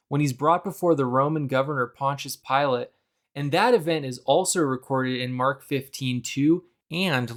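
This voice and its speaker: A young adult man giving a measured, scripted explainer narration about a Bible passage, now and then acting out quoted lines. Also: mid-range voice. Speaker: Bible video presenter.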